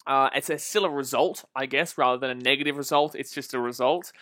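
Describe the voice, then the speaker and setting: A young man casually commenting on a football match live and answering viewer comments, chatty and quick to laugh. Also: mid-range voice, bright, forceful tone, no echo, studio quality. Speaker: livestream football watch-along host.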